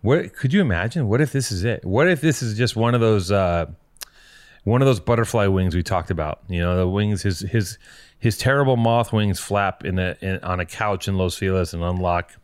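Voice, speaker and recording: A man's voice: lowish voice, normal speed, clear, resonant tone. Rambling, joking podcast host man. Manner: rambling, joking, restarts a lot. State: underslept. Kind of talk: casual chat.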